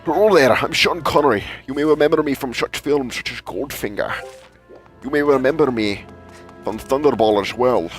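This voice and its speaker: A man's voice: mid-range voice, normal speed, faint music behind, pitched above the performer's own voice, lightly acted. A man doing an impression of a suave older male film star, with a smug, drawling delivery.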